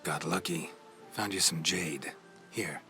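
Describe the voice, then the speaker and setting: An actor playing a gruff male monster hunter in a video game, speaking in short clipped lines. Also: low-pitched, takes it slowly, bright, forceful tone, soft background music, exaggerated voice.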